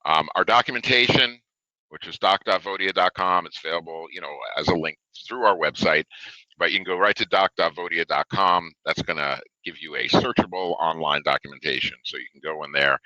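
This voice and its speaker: A low-pitched man talks through a product webinar in an easygoing, chatty way, full of "uh" and "you know." His voice is bright and forward, and the sound is dry and close with no room echo. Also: a little fast, highs cut off. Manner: loose and conversational, many fillers. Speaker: webinar presenter. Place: home or office desk, reading a live chat.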